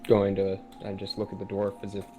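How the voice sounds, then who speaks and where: A man playing a tabletop game, talking in a hesitant way with many pauses and restarts. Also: fairly low pitch, completely flat delivery, dark tone, soft background music, rough recording. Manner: hesitant, full of uhs and restarts. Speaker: player. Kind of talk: casual tabletop play.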